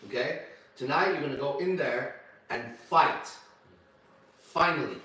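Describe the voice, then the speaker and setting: A man telling a story to a small group in a profane, animated way, with sudden shouts. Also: on the high side, a little slow, pauses often, recorded from a distance. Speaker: ministry leader. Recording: echoey room, voice off-mic.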